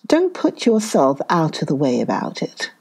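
A woman voicing a crafty male hare who coaxes the others along, speaking slowly and slyly in a storybook tale. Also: low-pitched, huge pitch swings, gravelly, darkish tone, breathy edge, heavily acted. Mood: coaxing. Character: crafty scheming male hare, smooth talker.

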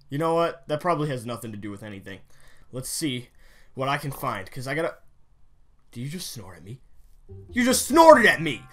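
A young man giving casual, excitable commentary while playing a video game, often breaking into mock-angry yelling. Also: on the high side. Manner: excitable, yells and mock-rages at game animals. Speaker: gaming YouTuber.

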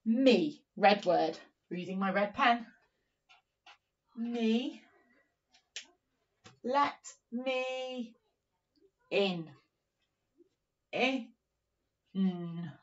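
A woman teaching young children a phonics lesson, speaking in a slow, encouraging, sing-song way and sounding out words. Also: medium pitch. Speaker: primary teacher. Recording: dull, slightly distant recording.

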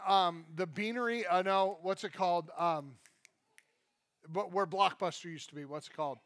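High-voiced man preaching a sermon. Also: fairly bright tone, no room sound. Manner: conversational, joking asides, self-deprecating. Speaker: pastor. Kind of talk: live sermon to a congregation. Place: church service.

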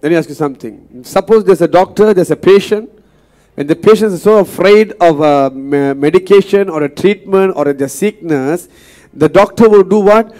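A male pastor preaches in a fairly high voice. He is earnest and repetitive, often turning to the congregation with questions. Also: normal speed, a little mellow. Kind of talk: sermon.

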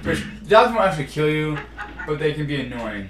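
Male let's-player, slightly high voice, rambling and self-correcting; roomy distant mic, game music behind. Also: very animated, a little fast, a bit bright, a little hiss or hum. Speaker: let's play commentator. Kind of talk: casual gameplay commentary.

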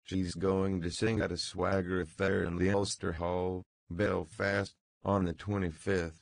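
A man reading the lines of a thoughtful, polite middle-aged man, in his own deep voice. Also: flat delivery, a little slow, vocal fry, dry recording.

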